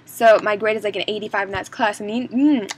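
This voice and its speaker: A woman's voice: medium pitch, brisk. A teenage girl vlogging casually, rambling and self-mocking with lots of fillers and asides. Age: teens.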